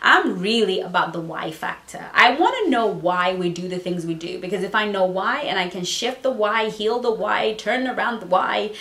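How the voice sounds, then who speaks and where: A woman's voice: mid-range voice, expressive, normal speed, hardly any pauses, fairly bright tone. A woman dating coach talks with playful emphasis in a mid-range voice and repeats phrases to drive her points home. She is from Southern Africa. Her voice bounces around a roomy, echoey space. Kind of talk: motivational advice video. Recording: roomy echo.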